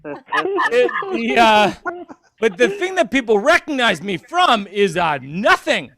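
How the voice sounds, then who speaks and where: A man performing a stand-up comedy set, rambling and self-deprecating in a deadpan way. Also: very high-pitched, slow, vocal fry. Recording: crowd laughter in background. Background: audience laughter.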